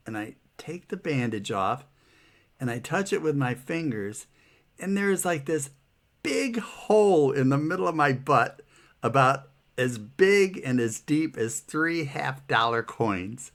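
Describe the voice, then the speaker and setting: A man's voice: mid-range voice, expressive, a little slow, fairly bright tone. Laughing man telling a rueful story. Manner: laughs often while telling; rueful, incredulous. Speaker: patient telling his story. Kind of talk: casual personal storytelling.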